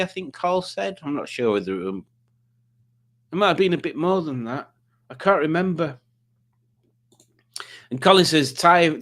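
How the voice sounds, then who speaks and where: A man's voice: medium pitch, a bit bright. A man hosting a quiz livestream, chatting casually and reading viewer comments aloud with rambling, self-mocking asides. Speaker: quiz host.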